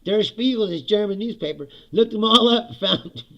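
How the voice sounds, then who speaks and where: Brief: gravelly male host, high and animated, sarcastic political rant with frequent laughs. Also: normal speed, dull audio. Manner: sarcastic, laughing often, profane.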